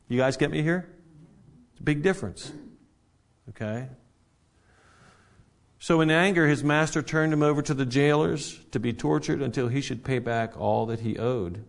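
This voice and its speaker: A man's voice: medium pitch, normal speed, creaky, pauses often. A man preaching a sermon in a conversational way, with frequent restarts and direct questions to the congregation, growing emphatic at key points. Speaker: pastor.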